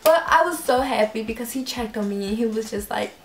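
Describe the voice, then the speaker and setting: A young woman vlogger telling a story in a casual, animated way, acting out voices and laughing often. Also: on the high side, fairly quick, echoey room. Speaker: YouTube vlogger.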